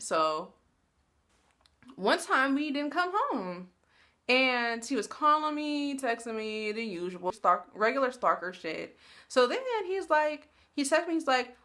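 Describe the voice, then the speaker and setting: A woman in her twenties telling a story to the camera in a blunt, animated, slangy way. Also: fairly high pitch, unhurried. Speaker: vlogger. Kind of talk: casual storytelling.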